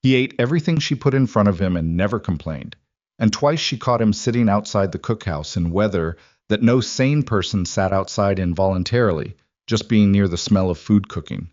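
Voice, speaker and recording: A man narrates a scripted story in a steady, measured way, his voice sitting on the low side. The recording is dry with no room sound and a slightly dull, muffled tone. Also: no room sound.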